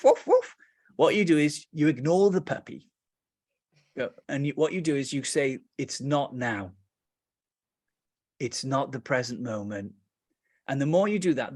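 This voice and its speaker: Husky-voiced British man guiding meditation. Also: medium pitch, dry recording, studio quality. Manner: lively storytelling, playful asides; slows and softens into calm guidance. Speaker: meditation teacher. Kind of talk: guided meditation teaching.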